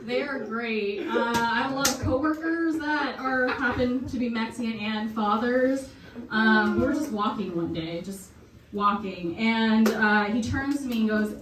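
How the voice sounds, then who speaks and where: A young woman performing a deadpan stand-up set, laughing at her own jokes. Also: on the high side, measured pace, noisy background. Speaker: stand-up comic. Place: basement comedy show. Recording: echoey basement, far from mic, crowd. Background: audience laughter.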